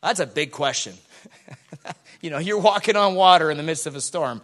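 Male pastor, high bright voice, animated sermon with scripture reading and acted-out dialogue. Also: normal speed. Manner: animated, acts out the people in the Bible story.

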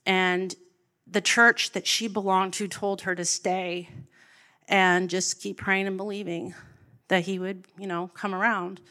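A woman's voice: medium pitch, level tone, unhurried, pushed and bright. A woman, an addictions counselor, telling her personal faith story in a candid, emotional way. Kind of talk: personal testimony.

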